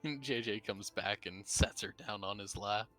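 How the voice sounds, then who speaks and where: A man's voice: fairly low pitch, normal speed, fairly bright tone, soft background music. Man narrating tabletop game actions. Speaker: tabletop role-play player.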